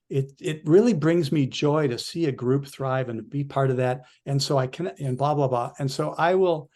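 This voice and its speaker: A male coach telling an animated story in a casual podcast chat, with frequent restarts. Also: on the high side.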